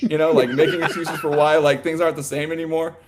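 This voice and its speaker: Animated fast-rambling man, fairly high voice. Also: over a noisy crowd. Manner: animated, rambling, heavy on "like" and "you know"; laughs often mid-sentence. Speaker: podcast co-host. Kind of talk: casual sports chat.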